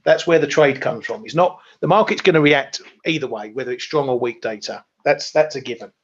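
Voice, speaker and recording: A man's voice: mid-range voice, brisk, muffled recording. A man on a trading webinar, talking as a market analyst. He makes his case directly and pointedly, often repeating a word as he starts. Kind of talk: casual chat.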